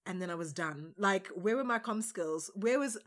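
A woman from Uganda co-hosting a podcast, candid and expressive in casual chat, swearing now and then. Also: medium pitch, normal speed. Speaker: podcast co-host.

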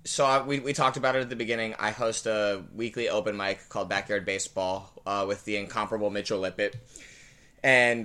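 A man's voice: on the low side, sharp tone, smooth. A man who is a comedian, a guest on a podcast, chatting in a loose, rambling and playful way. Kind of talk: casual comedy podcast chat.

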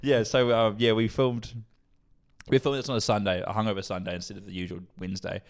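A man's voice: lowish voice, flat delivery, fast. A man, co-hosting a podcast in crude, rambling casual chat. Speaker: podcast co-host.

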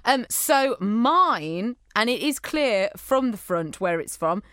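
A woman's voice: a little high, big pitch swings, slow pace, hardly any pauses, a bit bright, dry recording, clean studio sound. A woman co-hosting a podcast, bantering and giggling. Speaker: podcast co-host. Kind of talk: casual chat.

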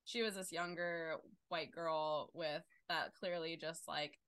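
A young woman co-hosting a casual podcast, telling a story with loud, sweary outbursts. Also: low voice, fairly even intonation, takes it slowly, smooth, no room sound. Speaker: podcast co-host. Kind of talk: casual chat.

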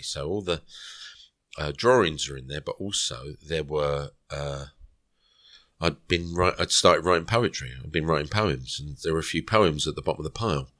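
A man's voice: very deep voice, fairly bright tone, no room sound, clean studio sound. A middle-aged man, a podcast guest, tells a rambling story and acts out the quoted dialogue. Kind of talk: storytelling interview.

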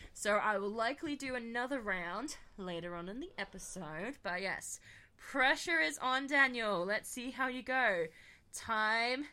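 Lying in bed at home, a podcast host with a slightly high, sharp-toned voice runs a casual quiz-style chat. She giggles a lot, swears, and teases playfully.

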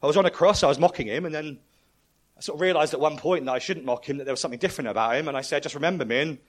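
A man's voice: fairly high pitch, racing, voice pushed up, natural voice. A man voicing a confused male thief who has no idea why he got into heaven, telling his story plainly. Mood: bewildered.

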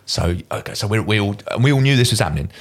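A middle-aged Englishman with a low, deep voice tells stories from his Marine days at a brisk clip. He is animated and slips into other people's voices when he quotes them. He speaks as the guest in a casual interview. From Kent, England. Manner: animated anecdote teller, mimics voices in quoted lines. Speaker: guest, former Royal Marine.

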